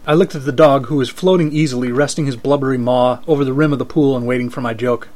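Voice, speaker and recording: A man reading first-person fiction aloud in a steady, dry storytelling manner. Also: medium pitch, quick pace, few pauses.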